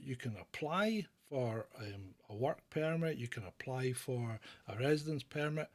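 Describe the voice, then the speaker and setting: A man's voice: mid-range voice, animated, unhurried, few pauses. A middle-aged man from Britain hosting a live question-and-answer chat, blunt and opinionated, rambling with restarts as he answers viewers.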